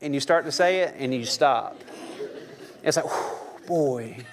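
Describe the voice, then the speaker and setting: A man's voice: medium pitch, unhurried, background noise. A young adult male pastor preaching a sermon in a church, talking with the congregation in a loose, joking way and firing questions at them. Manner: conversational, joking, asks the audience questions.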